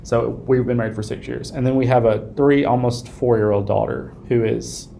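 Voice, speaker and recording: A man in his thirties, a podcast co-host, chatting casually and warmly, often restarting his sentences, openly emotional. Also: mid-range voice, steady tone, normal speed, vocal fry, slight background noise. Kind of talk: casual chat. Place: recording studio.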